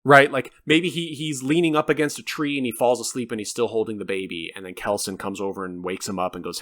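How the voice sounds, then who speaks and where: Man, podcast co-host, casual film chat, animated and rambling, cusses a lot. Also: mid-range voice, quick pace, hardly any pauses. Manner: animated, swearing, rambling nitpicks.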